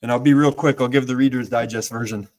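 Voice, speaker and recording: A man's voice: mid-range voice, steady tone, fast, darkish tone. A man hosting a podcast in a mid-range voice. He chats casually, spinning rambling stories with easy laughs. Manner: chatty, rambling anecdotes with laughs. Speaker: podcast host and musician.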